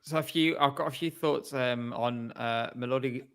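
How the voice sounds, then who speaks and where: A man's voice: mid-range voice, normal speed, fairly bright tone, smooth. A man co-hosting a casual podcast chat over a video call, rambling and hesitant with many fillers. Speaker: co-host.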